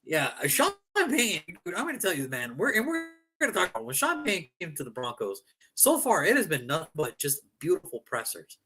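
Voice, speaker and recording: A man co-hosting a sports talk show, joking in a casual, animated way and often acting out what people said. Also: high-pitched, fairly quick. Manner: animated, joking, mock-quoting people, repetitive.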